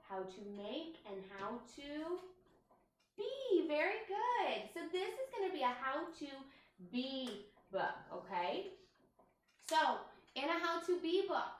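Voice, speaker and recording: In a very echoey room, picked up by a distant mic, a high-voiced woman kindergarten teacher records a writing lesson for young children. She speaks in a sing-song way with exaggerated inflection.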